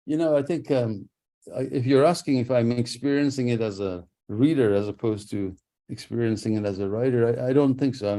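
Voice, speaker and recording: A man with a mellow, warm voice talks as an author guest in a radio interview. He answers thoughtfully, often restarting his sentences and laughing softly. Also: medium pitch. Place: radio studio.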